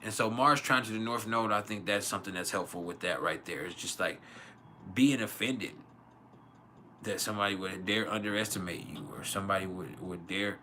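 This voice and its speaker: A man's voice: on the low side, normal speed, pushed and bright, a little hiss or hum. A man hosting an astrology livestream, sleepy and rambling in casual chat, swearing often and laughing.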